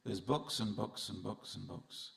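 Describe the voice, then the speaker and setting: Man, low voice, gravelly, festival sermon, joking storyteller, talks to the crowd. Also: fairly even intonation, a little slow, fairly bright tone. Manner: humorous storytelling, addresses the audience directly. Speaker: speaker at a temple festival. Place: temple hall with audience.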